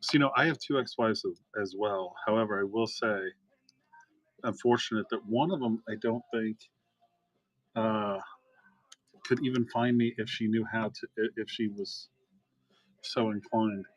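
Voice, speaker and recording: A man's voice: lowish voice, steady tone, normal speed, long pauses, no echo. A middle-aged man hosting a live card-break stream, chatting casually and rambling through stories. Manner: rambling, chatty storyteller with fillers.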